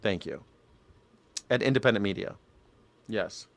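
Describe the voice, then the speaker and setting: A man's voice: lowish voice, a little slow, vocal fry, dry recording. A man hosting a live news commentary show, reacting to clips in a profane, mocking way and laughing often.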